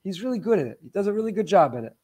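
A man's voice: sits high, sing-song, very fast, dark tone, slightly rough. A man teaching a weekly faith lecture with passion, driving his points home through repeated phrases and rhetorical questions. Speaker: Torah teacher.

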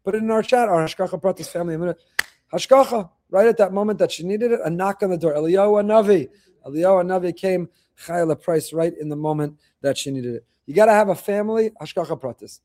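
Fast, animated rabbi. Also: male voice, high-pitched. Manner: animated storytelling, repeats phrases for emphasis. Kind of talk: weekly faith talk.

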